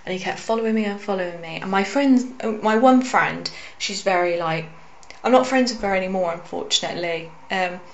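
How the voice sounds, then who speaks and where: A young woman telling a personal story to camera, hesitant with frequent fillers and soft asides. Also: mid-range voice, brisk, highs cut off. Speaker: vlogger.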